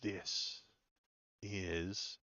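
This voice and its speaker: A man's voice: low-pitched, little pitch movement, very slow, pushed and bright, dry recording, lo-fi sound. A man giving casual, sarcastic political commentary as he reads news aloud, rambling with many fillers.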